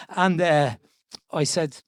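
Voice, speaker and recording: An older Irish man from Dublin, in his seventies, spins stories with lively, restless energy in a voice higher than most men's, often restarting and laughing. He is the guest in an interview-style storytelling conversation on an event stage before an audience. The sound is close and dry, with almost no room around it.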